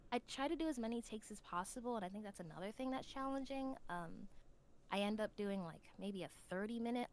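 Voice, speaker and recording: American woman, mid-pitched voice, podcast guest, chatty, filler-heavy, faint background noise. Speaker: podcast guest, new voice actor. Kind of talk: casual podcast chat.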